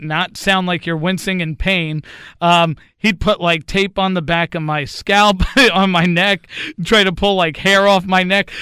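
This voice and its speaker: Crisp bright-voiced man telling stories. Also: on the high side, dry recording, studio quality. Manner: chatty anecdotal storyteller, laughs often. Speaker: podcast host, former radio producer. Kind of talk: casual interview chat.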